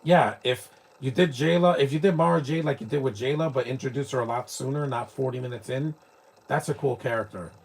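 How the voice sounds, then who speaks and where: A man's voice: mid-range voice, brisk, slightly rough. A man from New York, giving rambling, opinionated live commentary while watching a movie, often restarting his sentences. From New York, United States.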